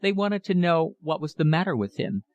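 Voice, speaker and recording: A man narrating a classic novel audiobook in a measured, even reading. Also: a little high, lo-fi sound. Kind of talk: scripted narration.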